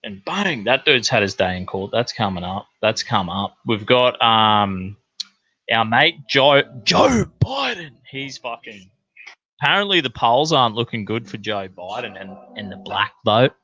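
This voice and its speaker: A man's voice: on the low side, sing-song, measured pace, bright, forceful tone, dry recording, lo-fi sound. A man with an Australian accent hosting a crude comedic news livestream, rambling and swearing in blokey slang.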